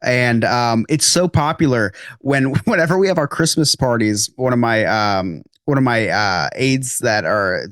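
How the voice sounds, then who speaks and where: A man's voice: mid-range voice, lively intonation, a little slow, few pauses, fairly bright tone, no room sound, studio quality. A man hosting a podcast, telling rambling joking stories in casual chat with many restarts. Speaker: podcast host.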